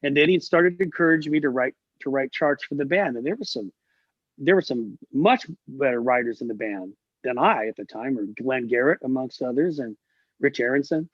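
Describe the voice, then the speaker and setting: Speaking in a mid-range voice at a moderate pace, this middle-aged man is a guest musician spinning stories during a relaxed interview over video call. He brings quoted voices to life with animated flair, and the recording is dry, dull lo-fi call audio.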